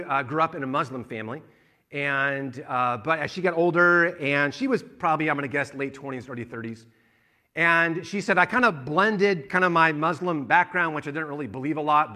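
Male pastor, bright forceful tone, slightly high, sermon storyteller. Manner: storytelling, recounting a conversation, then rousing.

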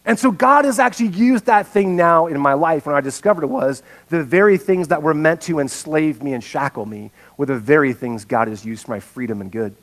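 A man preaching a sermon as pastor, telling stories with big swings between hushed and loud. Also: on the high side, fairly quick, hardly any pauses.

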